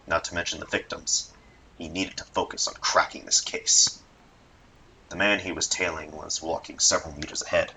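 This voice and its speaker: A man reading a visual novel's narration aloud in an expressive way, then chatting casually. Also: low-pitched, a little hiss or hum, poor audio. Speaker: let's play narrator.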